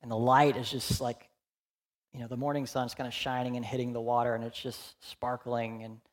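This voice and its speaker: Man in his forties, pastor, conversational sermon, candid, loud bursts and hushed lines. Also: mid-range voice, flat delivery, normal speed. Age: 40s. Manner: candid, conversational, full of fillers, swings between loud emphasis and hushed quiet.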